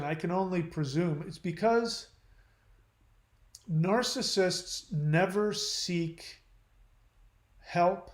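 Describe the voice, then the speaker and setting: A man's voice: a little high, reverberant. A man hosting his channel, reading viewer comments aloud and answering them in a blunt, lecturing way.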